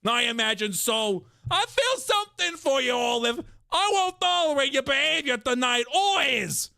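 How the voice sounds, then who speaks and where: A man putting on a hammy Italian accent to play a domineering mafia boss, mock-calm and menacing. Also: extremely high pitch, moderate pace, gravelly, pitched above the performer's own voice, full character voice. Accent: put-on Italian.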